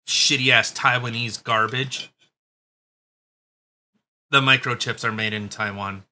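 A man's voice: mid-range voice, fairly even intonation, slow, sharp tone. A man hosting a podcast, talking in a blunt, sarcastic, profane way in casual chat. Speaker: podcast host.

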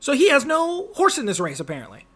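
Animated high-voiced young man with slang. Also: fast, a little hiss or hum. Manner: animated storytelling with slang and profanity, big pitch swings. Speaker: podcast host. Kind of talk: casual podcast chat.

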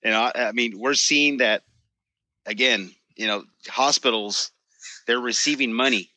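A man's voice: mid-range voice, measured pace, bright, forceful tone, no room sound. A man co-hosting a podcast, explaining his views emphatically in casual conversation. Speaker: podcast co-host. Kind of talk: casual chat.

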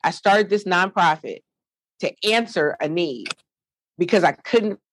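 A middle-aged woman, the founder of a nonprofit, tells her own story to a panel in an animated, preacherly way. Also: fairly low pitch, measured pace, no room sound. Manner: animated, lively storyteller, preacherly call-and-response.

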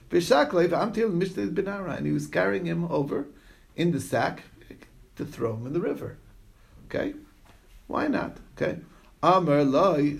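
A man with a slightly high, gravelly voice leads a casual Talmud class. He reads a line of the text aloud, then unpacks it in easygoing, conversational asides, often pausing to check in with his listeners. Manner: storytelling with frequent "okay?" check-ins. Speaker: Talmud teacher.

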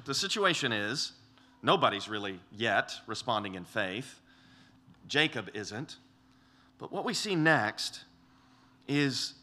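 Middle-aged male pastor, earnest sermon delivery, lively swooping pitch, emphatic and repetitive. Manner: earnest, emphatic preaching with many restarts and voiced quotes.

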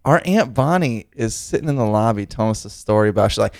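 A man co-hosting a casual podcast, who talks in an animated, profane, teasing way. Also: lowish voice, quick pace, gravelly, no echo, studio quality. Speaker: podcast co-host. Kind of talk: casual chat.

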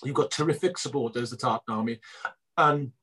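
A middle-aged man, a filmmaker being interviewed, telling animated stories and acting out both sides of conversations. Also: mid-range voice, brisk, husky. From Wales. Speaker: guest filmmaker. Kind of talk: casual interview chat.

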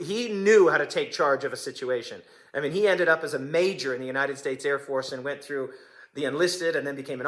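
A pastor in his forties delivers a sermon with impassioned emphasis, hammering home points by repeating them. His voice sits high for a man and has a tense, forceful edge.

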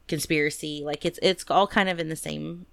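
Podcast lady, kinda low and gravelly, rambly, lots of ums, dry close mic. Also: fairly even intonation, fairly quick, no room sound. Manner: chatty, rambling with many fillers and restarts. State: recovering from a cough. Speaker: podcast co-host. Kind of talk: casual chat.

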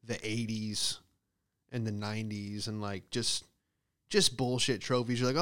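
A young man telling rambling, profane comic stories in a solo monologue, with animated asides. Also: lowish voice, a little slow, clean tone. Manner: profane, animated storytelling with loud acted outbursts.

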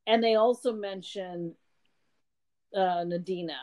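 A woman's voice: mid-range voice, fairly even intonation, unhurried, dark tone. A woman in casual chat about a novel, chipping in details with many fillers and restarts. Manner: chatty, interjects and adds details, many fillers. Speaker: podcast co-host discussing a novel.

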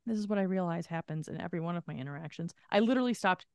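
A woman's voice: fairly low pitch, rapid-fire, darkish tone, clean tone, no echo, clean studio sound. A woman co-hosting a podcast, telling a story in casual chat, swearing freely and acting out the people she quotes. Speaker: podcast co-host.

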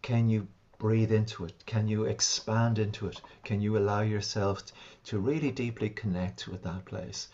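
Calm low-voiced male healer, muffled audio. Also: normal speed, hardly any pauses. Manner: calm, reflective, recounts sessions at length. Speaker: guest, homeopath and shamanic practitioner. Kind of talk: interview storytelling.

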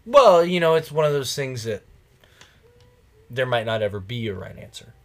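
A man's voice: mid-range voice, expressive, moderate pace. A man hosting a podcast, chatting casually in a rambling, jokey way with a friend. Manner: rambling, jokey, laughs often. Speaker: podcast host. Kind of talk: casual chat.

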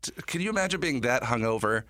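A man's voice: mid-range voice, animated, fast, bright, forceful tone, no echo. A man in his thirties chatting casually, reacting eagerly and cracking jokes. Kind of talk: casual chat.

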